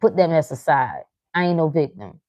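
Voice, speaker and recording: Blunt, profane woman with a low, mellow voice. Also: very animated, moderate pace, no room sound. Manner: frank, profane and teasing, with short laughs. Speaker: livestream host reading chat. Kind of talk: blunt motivational talk.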